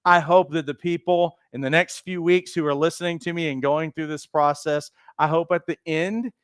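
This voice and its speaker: A male coach trainer delivers a motivational lesson in a higher-than-usual, smooth and resonant voice. He speaks earnestly, stacking repeated phrases for emphasis. The sound is dry and close, with no room echo. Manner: acts out quoted voices, occasional restarts. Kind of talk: motivational teaching talk.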